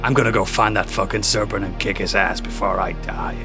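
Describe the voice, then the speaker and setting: A man's voice: on the low side, fairly even intonation, fairly quick, over music. A man playing his character in a tabletop game, brash and swearing heavily. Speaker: player.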